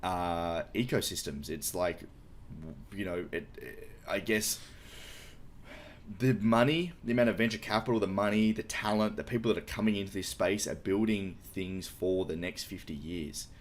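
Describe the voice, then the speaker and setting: A man's voice: low voice, moderate pace, a little hiss or hum. A man who is a podcast guest, explaining a topic in casual, enthusiastic talk with light swearing.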